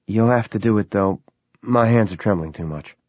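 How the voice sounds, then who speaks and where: A man voicing a weary, anxious grown man, a little higher than his usual tone. The sound is dry and dull, with a lo-fi edge. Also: normal speed, darkish tone, no room sound, close to an everyday voice. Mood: shaken. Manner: tired, shaken.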